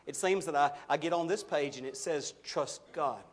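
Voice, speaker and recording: A middle-aged man preaching a sermon, slowing and swelling on key words for emphasis. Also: fairly high pitch. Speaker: pastor.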